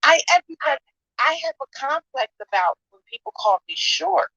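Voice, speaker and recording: A woman's voice: high voice, big pitch swings, normal speed, bright, forceful tone, no echo, dull audio. A woman in a casual chat, telling stories in an emphatic, playful way. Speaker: chat room participant.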